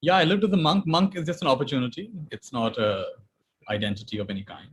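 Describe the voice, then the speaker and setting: A man giving a calm spiritual talk, repeating phrases gently and sometimes laughing softly. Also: mid-range voice, fast, husky, poor audio. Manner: calm, repetitive, gently emphatic, soft laughs. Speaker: spiritual teacher. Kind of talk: talk to an online audience.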